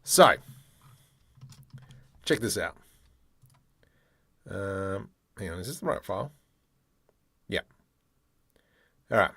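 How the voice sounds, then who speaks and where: A man demonstrating 3D modeling software, thinking aloud in a playful way and muttering keyboard shortcuts and mild exclamations as he works. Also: sits low, lively intonation, slow pace, long pauses, husky, no room sound. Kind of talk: screen-recorded software tutorial, thinking aloud.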